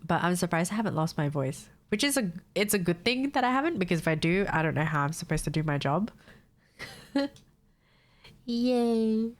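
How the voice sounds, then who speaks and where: A woman's voice: on the low side, expressive, quick pace, few pauses. Stuffy-nosed young woman chatting on stream. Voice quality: nasal, congested. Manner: chatty, swears casually, laughs often. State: stuffed-up nose from a cold. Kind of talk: casual chat with viewers.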